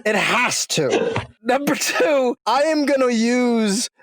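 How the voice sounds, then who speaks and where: A man co-hosting a podcast in casual chat, excitable and swearing freely, his pitch leaping up and down. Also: slow pace. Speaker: podcast co-host.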